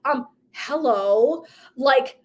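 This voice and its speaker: A middle-aged woman who works as a purpose and legacy coach talks to her viewers casually and emphatically, drifting into asides and tangents. Her voice is high and extremely slow in this motivational talk.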